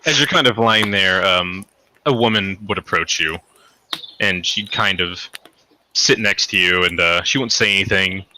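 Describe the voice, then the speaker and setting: A man's voice: low-pitched, normal speed, pushed and bright, slight background noise. A man narrating a tabletop game as game master, rambling with lots of fillers and hedges. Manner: rambling, hedging, many fillers.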